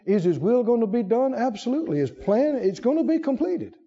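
A man preaching a sermon, swinging between high emphatic bursts and low quiet asides and acting out quoted prayers in a raised voice. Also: big pitch swings, brisk, husky. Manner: acts out quoted prayers and God's words in raised voice. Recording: dull lo-fi sound with long hall reverb.

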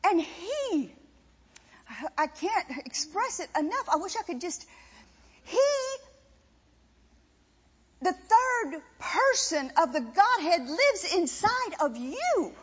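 A woman's voice: very high voice, sing-song, slow, pauses often. A woman preaching a sermon with impassioned, emphatic repetition. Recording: dull sound with long reverb in a hall.

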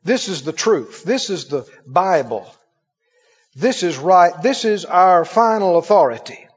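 A pastor with a high, husky, expressive voice preaches unhurriedly, often chuckling and putting questions to the congregation. The recording sounds dull and lo-fi in a reverberant hall.

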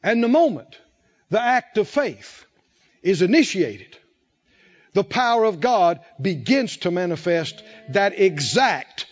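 A man preaching a sermon, drawing the congregation in with questions and emphatic, drawn-out phrases. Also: high voice, very animated, highs cut off. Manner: call-and-response preaching, rising and falling emphasis, drawn-out phrases.

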